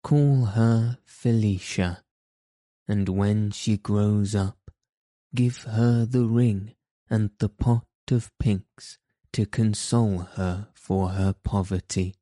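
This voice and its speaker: A man reading the lines of a poor, dying old labourer who speaks lovingly to his children, in a gentle, measured storybook way. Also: fairly low pitch, steady tone, dry recording, studio quality. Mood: tender.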